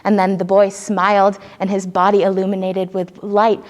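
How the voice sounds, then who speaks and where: A woman's voice: mid-range voice, little pitch movement, normal speed. Earnest woman speaker in a reverberant hall. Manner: earnest, searching for words. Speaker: speaker at a spiritual service. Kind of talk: storytelling talk.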